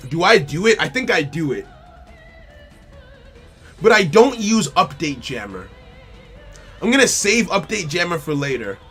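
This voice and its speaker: Bright-voiced man thinking aloud over a card game. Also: on the high side, sing-song, a little slow, long pauses, husky. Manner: thinks aloud, repeats phrases, talks to the opponent and chat. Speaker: streamer playing a card game. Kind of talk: casual live-stream commentary. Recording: faint music behind the voice.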